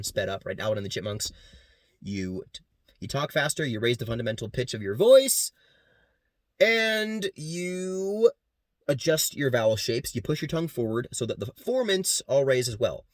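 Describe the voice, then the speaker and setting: A man's voice: medium pitch, no echo, clean studio sound. Casual young man explaining beatboxing. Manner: casual, quick, demonstrates sounds between sentences. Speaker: student presenter. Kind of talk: class presentation with beatboxing demos.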